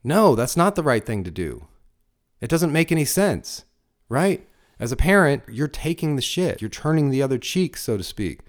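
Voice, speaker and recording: A man's voice: mid-range voice, very animated, normal speed. A middle-aged man and father giving blunt, crude life advice in a motivational monologue, full of emphatic rhetorical questions.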